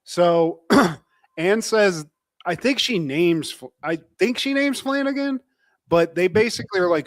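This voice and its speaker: A man on a podcast, talking in a joking, animated way with a slightly higher voice. He fires off quick asides to his co-host. The sound is dry and close, with no room echo. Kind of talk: casual recap chat.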